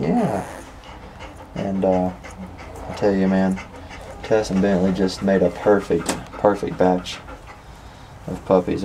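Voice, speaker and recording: A man's voice: sits low, warm tone. A man breeding dogs, giving a casual home video update in an easygoing, folksy way and chatting to the dogs between remarks. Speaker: dog breeder. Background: dogs and household noise.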